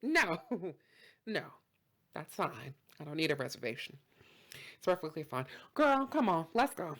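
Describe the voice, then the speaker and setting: A woman's voice: low voice, sing-song, a little slow, a bit bright, heavily acted. A woman playing an indignant diner who talks back in a sassy, exasperated way, laughing between lines.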